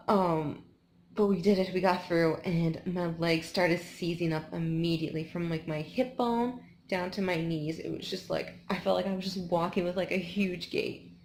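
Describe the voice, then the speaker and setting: Woman in her twenties, tired, rambling casual vlog chat, gravelly edges, faint background noise. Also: fairly low pitch, fairly even intonation, moderate pace, darkish tone. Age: 20s. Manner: rambling, lots of "like" and restarts. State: tired after running. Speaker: vlogger. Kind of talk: casual post-race vlog.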